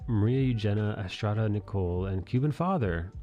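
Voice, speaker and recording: A low-voiced man hosts a live drawing stream and chats loosely while he works. He rambles from topic to topic, cracks jokes and thanks viewers, with faint music playing behind him. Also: expressive, a little fast, mellow. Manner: rambling, jokey, thanks donors. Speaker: streamer host. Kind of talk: casual live-stream chat.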